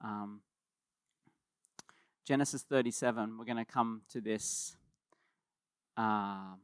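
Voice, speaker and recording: A man preaching a sermon as pastor, in a conversational and animated way, often repeating words as he starts a thought. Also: fairly low pitch, slow, clear, resonant tone, dry recording, clean studio sound.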